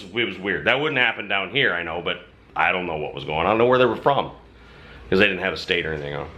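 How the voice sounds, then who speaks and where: A man's voice: lowish voice, sharp tone. A man who hosts a channel and belongs to a motorcycle club, telling a story to camera in casual, emphatic talk with some mild swearing.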